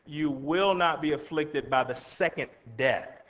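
A man with a slightly high voice preaches a sermon, reading scripture aloud and then explaining it in plain words. He asks his listeners rhetorical questions as he goes. His voice rings out with a long reverb, as in a big hall. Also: a little slow, a bit bright.

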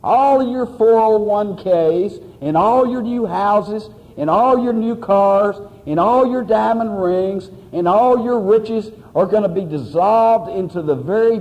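A man's voice: high voice, big-room sound, highs cut off. A man preaching a sermon, pleading and emphatic, repeating his phrases for weight.

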